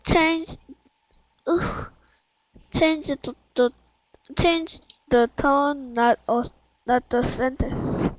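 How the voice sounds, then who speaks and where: Hesitant high-voiced woman student. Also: drawn-out words, pauses often, dry recording. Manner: hesitant, many ums, sounding out words. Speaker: English student. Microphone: video call.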